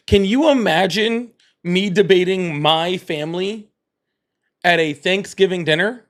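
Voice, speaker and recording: Guy rambling on a livestream, kinda high voice, keeps laughing and repeating stuff. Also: unhurried, fairly bright tone. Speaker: livestream host. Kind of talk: casual livestream chat.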